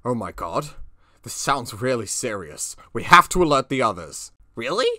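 A woman's voice: rumbling low, very animated, normal speed, pushed and bright, no echo, exaggerated voice. A woman voicing a snobbish young male Koopa prince who talks in a dry, sneering way. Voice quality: dry, sneering, uses British slang. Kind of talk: fan-made cartoon voice acting.

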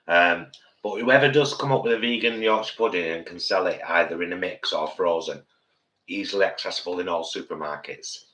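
A man with a very low voice co-hosts a live cooking stream and speaks earnestly and directly to his viewers. His tone stays bright despite the depth. The room is echoey, like a home kitchen. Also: a little fast. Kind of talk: casual live-stream chat.

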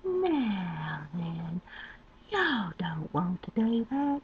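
A woman rambling to her webcam, drawling and swinging from low mutters to loud squeals. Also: sing-song, extremely slow, a little hiss or hum. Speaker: webcam vlogger. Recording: dull lo-fi webcam audio.

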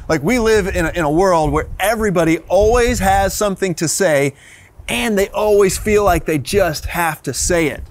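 A man's voice: high voice, normal speed. A man in his thirties, a pastor giving a sermon in an earnest way, often repeating words as he restarts.

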